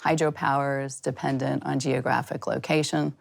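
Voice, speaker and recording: A woman guest in an interview, explaining clearly and confidently. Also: rumbling low, flat delivery, normal speed. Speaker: industry expert guest. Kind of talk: interview answers.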